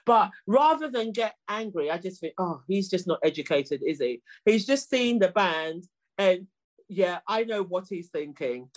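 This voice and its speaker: A middle-aged woman with a fairly low voice talks as a podcast guest. She tells stories in an animated, humorous way and often trips over her first words. Her tone is conversational and unscripted. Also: a little slow. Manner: animated, humorous, repeats words when starting sentences. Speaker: guest, clean air campaigner. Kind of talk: casual storytelling in conversation.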